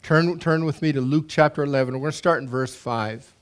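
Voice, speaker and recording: A middle-aged man preaching a sermon as pastor, animated and emphatic, with repetitions and restarts. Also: fairly high pitch, a little fast, clean tone.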